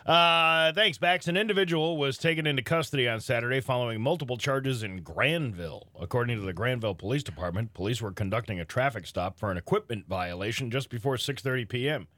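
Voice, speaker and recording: A man co-hosting a morning radio show, reading news and telling jokes in a jokey, animated way. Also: mid-range voice, fast, hardly any pauses, no room sound. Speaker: radio news reader and co-host. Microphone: studio microphone.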